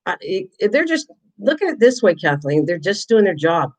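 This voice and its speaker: A woman's voice: medium pitch, big pitch swings, normal speed, a little mellow, poor audio. Chatty woman crafting on camera. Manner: chatty, self-deprecating, talks to viewers in chat. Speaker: craft vlogger. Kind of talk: casual chat while crafting.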